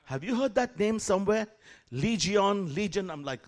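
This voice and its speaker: Man preacher, high voice, animated storytelling sermon that calls out to the congregation. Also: moderate pace. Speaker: guest preacher.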